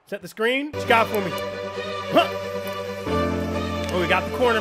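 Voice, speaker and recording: Excitable high-voiced man commentating gameplay. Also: normal speed, loud music behind the voice. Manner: excitable, shouting at big plays. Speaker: gaming YouTuber.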